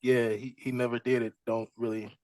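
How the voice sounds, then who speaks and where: A man's voice: mid-range voice, normal speed, no room sound. A young adult man, a music artist, casually telling his story as an interview guest and acting out what people said to him. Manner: relaxed storyteller, acts out quoted dialogue.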